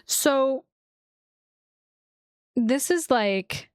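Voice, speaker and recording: A woman's voice: sits high, animated, very slow, smooth, dry recording, studio quality. A woman astrologer hosting a casual livestream, talking loosely with many "like"s and restarts. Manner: rambling, full of "like" and restarts. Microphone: streaming setup, seated in a chair.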